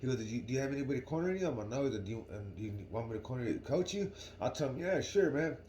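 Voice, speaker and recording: A man's voice: medium pitch, expressive, rapid-fire, a little mellow, reverberant. A young man telling a story casually to his viewers in a slangy, rambling way, often asking "right?". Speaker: vlogger.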